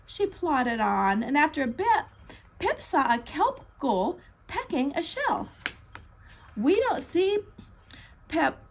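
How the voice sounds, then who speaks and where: Expressive woman reading a picture book. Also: high voice, a little hiss or hum. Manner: expressive, chatty asides to children. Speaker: bookstore storytime reader. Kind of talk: children's picture-book read-aloud. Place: bookstore.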